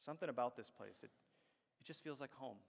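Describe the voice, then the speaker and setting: A male pastor delivers a storytelling sermon in a church sanctuary, his mid-range voice fast and creaky under ringing church reverb. He speaks conversationally and acts out the voices of the people he quotes.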